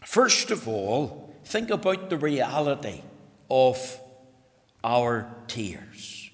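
A man preaching a sermon, reading scripture slowly and building to impassioned emphasis. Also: very animated. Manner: rises to impassioned, high-pitched emphasis; slow, deliberate scripture reading in old-fashioned wording. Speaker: pastor. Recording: long hall reverb.

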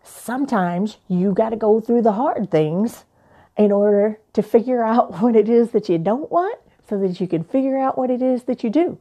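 A young adult woman, a life coach, telling a personal story in an animated, playful way. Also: fairly high pitch, moderate pace.

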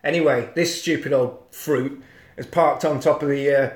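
A man's voice: medium pitch, normal speed, reverberant. A man casually recapping a monster film on a podcast, acting out lines and sound effects with plenty of swearing. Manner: animated storyteller, acts out quotes and sound effects, swears.

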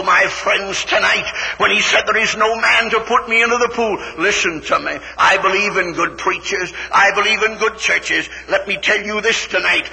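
A man from West Virginia, preaching a fervent old-time revival sermon that climbs into shouted peaks. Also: high-pitched, vocal fry. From West Virginia, USA. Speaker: evangelist preacher. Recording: reverberant hall recording.

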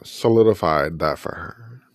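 A vlogger reviews a documentary in a casual video, his low voice unhurried and free of room sound. He rambles, corrects himself often, and talks openly about his personal feelings.

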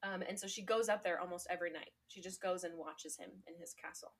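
A woman's voice: on the low side, fairly even intonation, fast. Chatty young woman retelling a story. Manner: chatty retelling, frequent "like" and fillers; laughs often. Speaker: podcast co-host. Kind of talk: casual chat.

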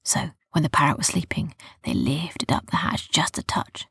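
A woman narrating a children's story softly, often dropping to a whisper. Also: sits low, moderate pace, gravelly, slightly rough, no echo, clean studio sound.

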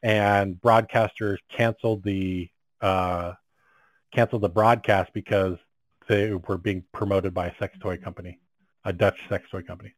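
A man's voice: low-pitched, steady tone, moderate pace, no echo, poor audio. A man co-hosting a comedy podcast, reading odd news stories aloud with crude jokes and stumbles.

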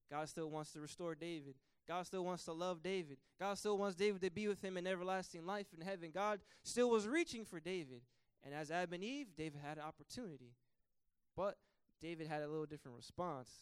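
A man preaching a sermon with an impassioned delivery that swells to loud, emphatic peaks. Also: high-pitched, clear, resonant tone, no echo, clean studio sound.

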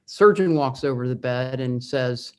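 A woman's voice: extremely low pitch, moderate pace, darkish tone. A woman from Indiana, a guest telling a personal story in a conversation, earnest, with frequent restarts and fillers. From Midwest US, Indiana.

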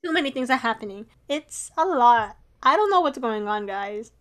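A woman's voice: on the high side, animated, moderate pace, a bit bright. A young woman co-hosting a casual chat, playfully confused and mock-scolding. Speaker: podcast co-host. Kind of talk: casual chat recapping a drama.

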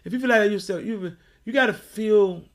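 High-voiced, gravelly, slow-talking man. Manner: profane, rambling, freewheeling. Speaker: podcast host. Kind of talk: casual rambling monologue.

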